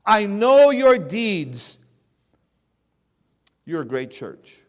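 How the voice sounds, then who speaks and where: A man preaching a sermon, swinging between loud emphatic bursts and hushed, low lines. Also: big pitch swings, extremely slow. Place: church sanctuary. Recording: long reverb of a church hall.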